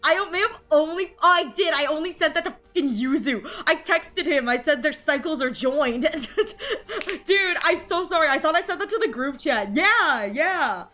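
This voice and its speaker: A woman's voice: high voice, expressive, moderate pace, bright, forceful tone, faint music behind. A woman streaming while drawing, chatting casually in a rambling, giggly way and swearing now and then. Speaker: art streamer.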